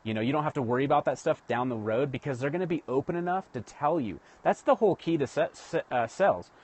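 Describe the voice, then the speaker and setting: A man's voice: medium pitch, lively intonation, quick pace, darkish tone, breathy edge. A man hosting a live stream, talking casually to viewers about building rapport, with frequent restarts and direct address. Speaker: livestream host teaching sales rapport. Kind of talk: casual livestream teaching.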